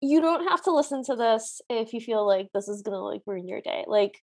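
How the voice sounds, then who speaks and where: A woman's voice: on the high side, animated, brisk. A woman co-hosting a podcast, chatting and describing scenes from an old cartoon. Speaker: podcast co-host. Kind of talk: casual chat reviewing a cartoon.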